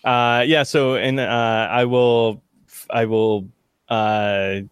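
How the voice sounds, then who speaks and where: A man playing a tabletop game, hesitant and full of restarts, getting excited about his dice rolls. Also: mid-range voice, drawn-out words, smooth, dry recording, studio quality. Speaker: player. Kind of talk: casual game chat.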